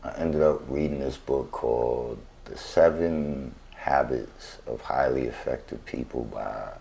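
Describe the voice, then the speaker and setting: Speaking unhurriedly in a dark bass voice with vocal fry, this man from New York tells his story in a relaxed interview. His talk is easygoing street slang, dotted with "right?" to check in with the listener.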